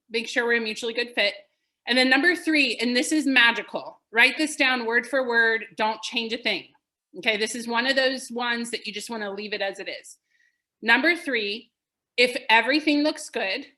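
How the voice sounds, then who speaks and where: A woman coaching real estate agents in a webinar, telling stories with lively emphasis. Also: a little high. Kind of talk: webinar teaching. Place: home office. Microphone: video call.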